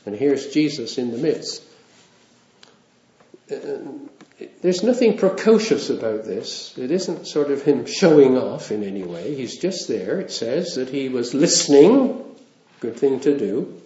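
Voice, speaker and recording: Slow, wry male preacher. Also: mid-range voice, big pitch swings, warm tone. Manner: conversational, wry asides with chuckles. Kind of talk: sermon. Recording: roomy, dull lo-fi sound.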